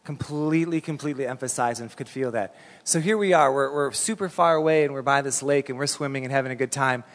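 A middle-aged man preaching a sermon as a pastor, telling stories in an animated, conversational way. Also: medium pitch, fast. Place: church hall. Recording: long reverb in a church hall.

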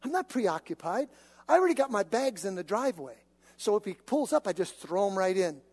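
A man preaching a sermon, telling stories in an animated, conversational way. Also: sits high, a little fast, breathy edge. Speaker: pastor. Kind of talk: sermon with personal storytelling. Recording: long reverb of a large hall.

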